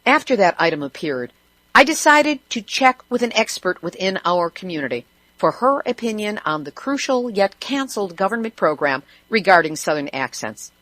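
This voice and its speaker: A woman's voice: medium pitch, sing-song, normal speed, a bit bright, no room sound. A woman hosting a radio show, reading news in a scripted way with wry, sarcastic asides.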